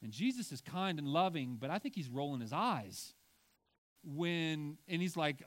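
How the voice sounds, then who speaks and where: A man's voice: a little high, big pitch swings, unhurried. Conversational, emphatic male preacher. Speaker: pastor. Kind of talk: sermon.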